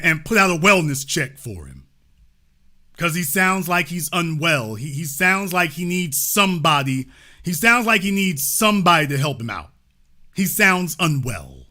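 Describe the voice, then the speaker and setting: A man's voice: a little high, pushed and bright. A man hosting a live call-in talk show, talking casually and repeating his points. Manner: casual, repetitive, restates lines.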